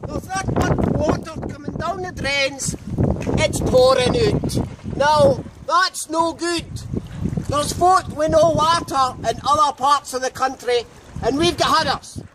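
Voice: high-pitched, slow pace, distant mic. A mock weather reporter with a Scottish accent, talking in a chirpy, jokey, teasing way outdoors in heavy rain. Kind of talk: comic street report. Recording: loud wind and rain noise.

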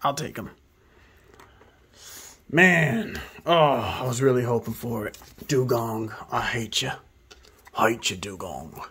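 Husky guy opening card packs, slow and chill, mumbles card names, gets hyped. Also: medium pitch. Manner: excitable, mutters card names under his breath. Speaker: card opening channel host. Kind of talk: casual pack opening commentary.

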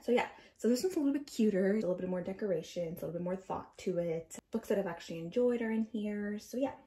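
A woman's voice: mid-range voice, expressive, fast talker, warm tone. A young woman in her twenties chatting casually through a tour of her bookshelves, rambling with plenty of fillers and a little out of breath. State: slightly out of breath. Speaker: book vlogger.

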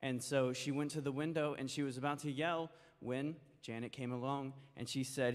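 Brief: male children's-story teller, folksy and gentle, long reverb of a church hall. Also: medium pitch, fairly even intonation, moderate pace. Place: church sanctuary.

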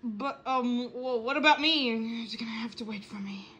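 A woman voicing a hiccuping puppet who talks in a halting, hesitant way full of ums. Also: high voice, bright, forceful tone, slight background noise, exaggerated voice. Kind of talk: hobby puppet show.

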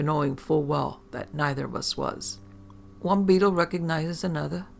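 A male storyteller reads a first-person supernatural tale in a wry, conversational manner, dropping profane asides along the way. His voice sits slightly higher than most men's and carries a persistent gravelly fry. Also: fairly bright tone, slight background noise. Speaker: horror story narrator. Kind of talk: first-person scripted horror narration.

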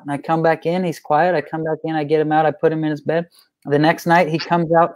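A man teaching about parenting in a conversational way, an animated storyteller who repeats phrases for emphasis. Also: a little high, brisk, no echo. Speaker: guest speaker on parenting.

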